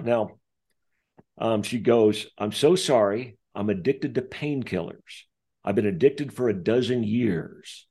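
A man telling a personal story as an interview guest, acting out the voices of the people in it. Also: measured pace. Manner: acts out quoted voices, lively pitch. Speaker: author and guest. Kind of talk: animated storytelling.

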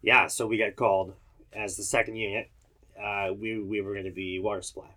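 Bright-toned firefighter man. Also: lowish voice, flat delivery, brisk. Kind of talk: casual chat.

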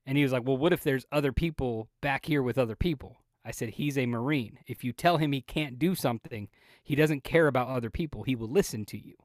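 A man co-hosting a podcast, telling a long, profane, animated story in casual chat and acting out the lines of the people in it. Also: mid-range voice, a little fast, no room sound, clean studio sound. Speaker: podcast co-host.

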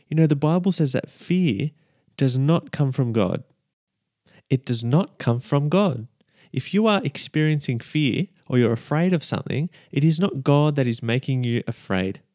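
A man's voice: mid-range voice, dark tone, dry recording, studio quality. A man hosting a casual devotional podcast, chatty and repeating his key lines as he checks in with listeners. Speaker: podcast host.

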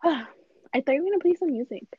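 A woman's voice: high voice, expressive, quick pace, no room sound, highs cut off. A young woman chatting casually, teasing and protesting with lots of giggles. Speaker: co-host. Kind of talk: casual chat.

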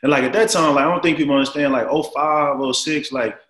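A man in his thirties telling a story in casual chat, animated and full of slang and fillers. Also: a little high, quick pace. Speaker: guest. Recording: roomy echo.

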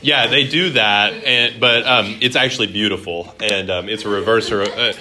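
A man leads a Bible class in a classroom, chatting with his students and joking between points. His voice is bright and forceful, pitched a little low, and he leans on fillers and quick restarts. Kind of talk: classroom teaching with joking asides.

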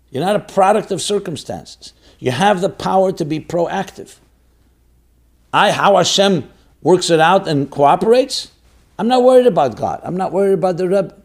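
A man's voice: sits high, vocal fry, breathy edge. A man, a rabbi hosting a question-and-answer show, answering a listener's question with earnest, emphatic religious guidance and sprinkling in Hebrew and Yiddish terms. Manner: earnest and emphatic, repeating key phrases.

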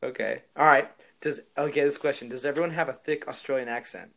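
A young man hosting a casual podcast, relaxed and easygoing, asking friendly questions and laughing easily. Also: mid-range voice, fast talker, vocal fry. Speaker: podcast host.

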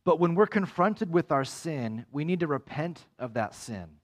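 A man preaching a sermon as pastor, animated and acting out quoted voices with big swings in pitch. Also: moderate pace.

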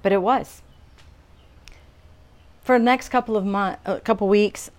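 A woman's voice: medium pitch, unhurried. A middle-aged woman sharing a personal testimony in an earnest, conversational way, acting out the voices of people in her story.

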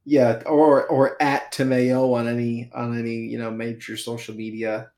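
A man's voice: mid-range voice, level tone, moderate pace, a little mellow. Profane, playful podcast co-host man. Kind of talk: casual comedic chat.

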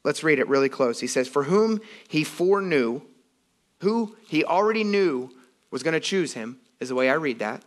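Animated man preaching a casual sermon. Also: fairly high pitch, moderate pace. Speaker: pastor. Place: church sanctuary.

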